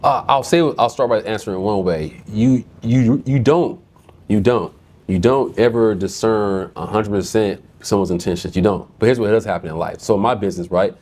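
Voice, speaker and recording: A man's voice: fairly low pitch, normal speed. Middle-aged American man, business guest, chatty storyteller who repeats himself, casual interview. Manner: animated storyteller, repeats words often. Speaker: guest, insurance business owner.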